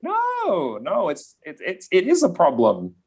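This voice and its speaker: A man from Australia with a softened Australian accent, an English teacher explaining pronunciation in a live online class, often checking in with "yeah?". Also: sits high, wildly swooping pitch, measured pace, breathy edge. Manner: explanatory, repeats key points, checks in with "yeah?".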